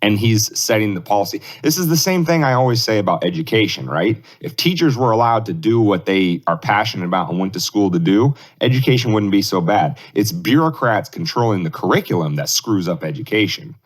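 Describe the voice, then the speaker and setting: A man with a fairly low voice co-hosts a loose political podcast. He rambles through his points, breaks into laughter often and swears casually along the way. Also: lively intonation, brisk, hardly any pauses. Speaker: podcast co-host.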